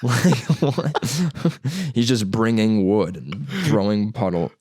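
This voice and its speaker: A man's voice: fairly low pitch, lively intonation, a little slow, dark tone, no room sound, clean studio sound. A young man telling profane, rambling stories in a casual podcast chat. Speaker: podcast host.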